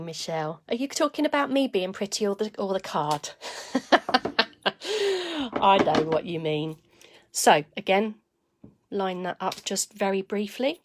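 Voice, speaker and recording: A woman's voice: mid-range voice, a little hiss or hum. Chatty woman demonstrating papercraft. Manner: chatty, greets viewers by name mid-task; talks while stamping, quiet asides. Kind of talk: live crafting demonstration.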